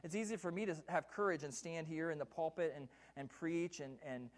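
A man's voice: a little high, a little fast. A man preaching a sermon from a church pulpit, repeating key lines and putting questions to the congregation. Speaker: pastor.

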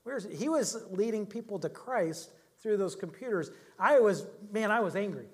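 Middle-aged male preacher, casual anecdotal delivery, voice sits a bit high. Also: expressive, normal speed, husky. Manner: conversational storytelling, chuckles often. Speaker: pastor. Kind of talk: sermon with personal anecdotes.

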